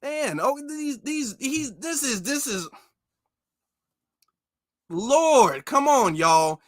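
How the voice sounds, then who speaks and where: A man's voice: very high voice, animated, extremely slow, no echo, studio quality. A man hosting a commentary show, reacting casually and emphatically, repeating his points. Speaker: commentary channel host.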